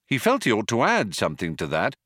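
A man narrating a comic story in a dry, measured storytelling manner. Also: fairly low pitch, huge pitch swings, a bit bright, no room sound. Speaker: audiobook narrator. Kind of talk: scripted narration.

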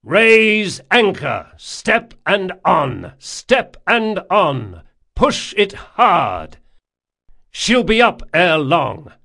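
A man reading an audiobook, voicing a sailor who shouts a slow, rhythmic capstan chant. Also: high voice, sing-song, gravelly, pitched above the performer's own voice, heavily acted. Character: burly male sailor bellowing a capstan chant. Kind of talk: audiobook character voice.

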